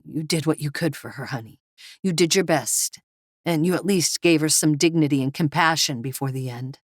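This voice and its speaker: A woman voicing a frantic young father in a storybook reading, hoarse and commanding, later soft with his wife. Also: deep voice, moderate pace, dry recording, studio quality. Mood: tender. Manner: roaring, then stammering and gentle.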